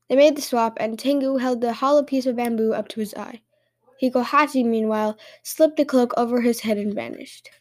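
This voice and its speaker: A woman hosting a podcast and reading fairy tales aloud with lively, expressive storytelling. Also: on the high side, fairly quick.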